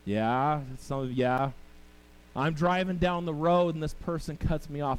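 A middle-aged male pastor delivers a sermon, telling family stories and talking directly with the congregation. His voice is on the high side and a little mellow, at a normal speed, and the recording is rough.

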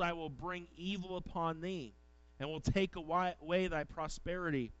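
A man's voice: on the high side, muffled recording. A male pastor preaching a sermon, reading old-fashioned scripture aloud and then exhorting his congregation.

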